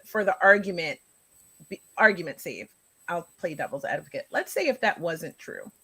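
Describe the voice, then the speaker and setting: A woman's voice: medium pitch, a bit bright. Rambling woman hosting a live show. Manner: rambling, thinking aloud. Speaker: host.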